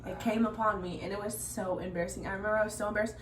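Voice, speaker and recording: Young female youth leader, chatty and animated, faint room hum. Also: medium pitch, very fast. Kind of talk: casual chat while cooking.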